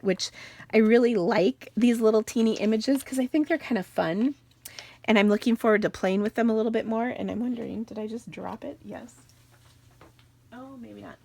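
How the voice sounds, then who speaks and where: This card-making channel host is a woman in her forties whose mid-range voice carries some vocal fry. Her tutorial is casual, full of meandering family anecdotes and little laughs while she crafts.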